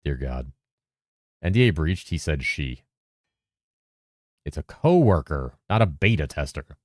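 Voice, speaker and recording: A man with a very deep voice, chatting casually on a game stream, reading messages from chat aloud and answering them with casual swearing. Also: dry recording, studio quality. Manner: lively presenter inflection at times, drops into a flatter low voice at other times; talks fast to keep up with chat.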